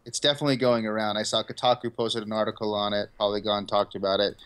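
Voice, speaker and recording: A man's voice: fairly low pitch, flat delivery, fast talker, a bit bright, clean tone. A man guesting on a podcast, eager to talk at length about games. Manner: eager, ready to ramble on games. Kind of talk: casual chat.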